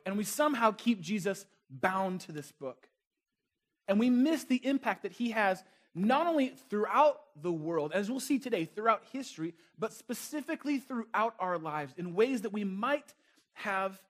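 A man preaching a sermon as a pastor, talking with the congregation in a conversational, playful way and asking them questions. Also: high-pitched.

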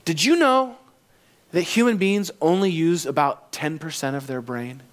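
An eager, wide-eyed young boy tumbling over his words with excitement, his voice pitched a touch high, as a man puts him on while telling a story from the pulpit. he sounds breathless, as if the news can't wait. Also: moderate pace, natural voice. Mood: excited.

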